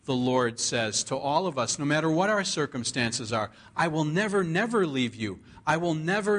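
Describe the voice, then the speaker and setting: A man preaching a sermon, earnestly quoting scripture and drawing out the key phrases slowly for emphasis. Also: mid-range voice, fairly bright tone. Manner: earnest preaching, drawn-out repeated scripture quotes. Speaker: pastor.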